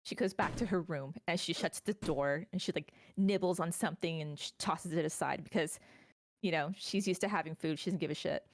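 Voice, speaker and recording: A woman narrating her character's actions at a tabletop game in a loose, rambling way. Her talk is full of fillers and casual swearing. Her voice is a little low, and the sound is dry and close. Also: a little fast, no echo.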